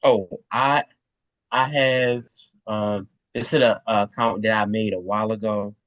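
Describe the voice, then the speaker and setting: A male guest talks slowly in a low voice on a video call. He stops and restarts often and fills gaps with um and uh. The sound is dry and close. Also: fairly even intonation, fairly bright tone, dry recording. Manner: hesitant, halting, many fillers and restarts. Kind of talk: casual interview answers.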